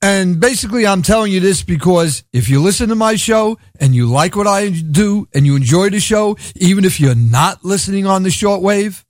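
Brooklyn guy hosting a radio show, kinda high voice, dry sound, sarcastic rambling. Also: lively intonation, normal speed, hardly any pauses, dry recording. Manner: sardonic, rambling, laughs at his own jokes. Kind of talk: irreverent comedic radio monologue.

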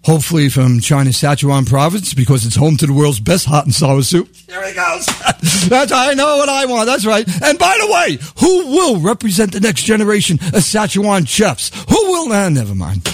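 A man's voice: high-pitched, very animated, moderate pace, few pauses, slight background noise. An older American man hosting a call-in talk radio show, delivering a sarcastic monologue full of chuckles and wry asides. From United States.

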